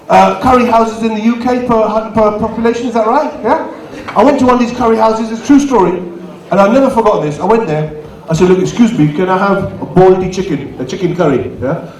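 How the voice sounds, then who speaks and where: A man's voice: sits high, a little mellow. A man doing live stand-up comedy and bantering with the crowd as compere. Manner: banters with the crowd, quick asides. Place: community venue hall. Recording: echoey hall, distant mic, audience.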